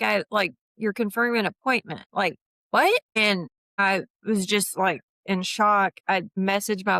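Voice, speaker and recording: A woman's voice: on the low side, creaky, no echo. A woman in her fifties, a podcast guest, telling her story candidly and acting out the voices in it. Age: 50s. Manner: animated, acts out quoted voices.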